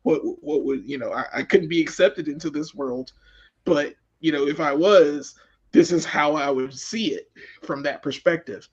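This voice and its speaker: Man, higher voice, rambling group-chat reviewer; muffled lo-fi recording. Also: moderate pace, breathy edge. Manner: rambling, repeats words, enthusiastic. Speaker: podcast co-host. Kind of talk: casual movie review chat. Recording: dull lo-fi sound.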